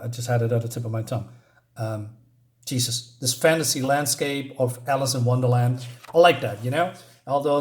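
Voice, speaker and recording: A man's voice: medium pitch, a little mellow. A man casually reviewing a comic book, reading panels aloud and rambling with many fillers and chuckles.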